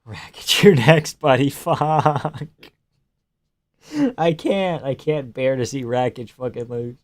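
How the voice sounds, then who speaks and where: Smooth-voiced man doing profane live fight reactions. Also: medium pitch, slow pace. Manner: profane and excitable, breaking into shouted groans. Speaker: live-stream fight commentator. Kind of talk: casual live reaction commentary.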